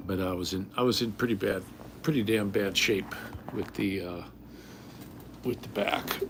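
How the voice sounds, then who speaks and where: A man's voice: on the low side, unhurried, slight background noise. An older man hosting a casual livestream from home, talking bluntly and rambling, often repeating himself. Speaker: livestream host.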